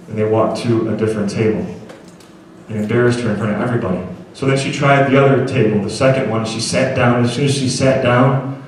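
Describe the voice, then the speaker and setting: A motivational speaker with a mid-range voice tells a story to schoolchildren at an assembly, earnestly asking them to agree with him. There's slight background noise. The hall is very echoey, and his voice comes from far off.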